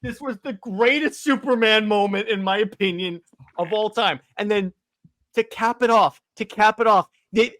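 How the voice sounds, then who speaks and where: A man's voice: high voice, moderate pace, a bit bright. A man co-hosting a casual comic book podcast, enthusiastic, laughing often and tripping over his words. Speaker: podcast co-host.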